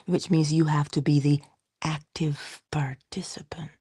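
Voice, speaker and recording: A woman hosting a casual motivational livestream, playful and chatty, slipping into whispery asides and animated quoted voices. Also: measured pace, no room sound, clean studio sound. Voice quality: low gravelly husky voice. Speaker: livestream host.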